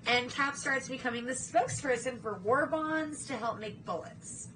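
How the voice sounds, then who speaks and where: A woman's voice: on the high side, animated, normal speed, hardly any pauses, a bit bright, slight background noise, rough recording. A young woman co-hosting a podcast, chatting casually and animatedly, swearing freely and acting out movie scenes. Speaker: podcast co-host. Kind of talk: casual chat.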